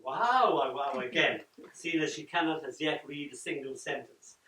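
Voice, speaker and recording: An older man reading his poems at a launch, dramatic, swinging from loud lines down to near-whispers. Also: a little high, normal speed, slight background noise. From Ireland. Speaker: poet. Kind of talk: live poetry reading with chat. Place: event room at a book launch. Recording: roomy echo from far off.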